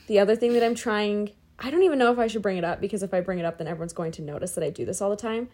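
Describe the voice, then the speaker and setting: A woman's voice: mid-range voice, racing, a little mellow. A woman co-hosting a podcast in casual chat, very talkative, often cutting in and saying "like". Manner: talkative, cuts in, says "like" often. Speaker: podcast co-host.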